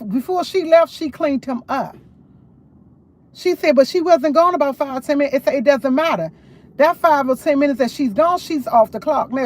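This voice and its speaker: A woman livestreaming, retelling a conversation in a casual, emphatic way. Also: high-pitched. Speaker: livestream host.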